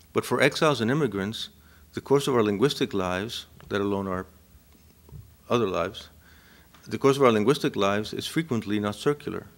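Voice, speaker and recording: A man from Cuba whose first language is Spanish, giving a reflective academic lecture and often checking in with his listeners. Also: fairly low pitch. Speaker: university lecturer.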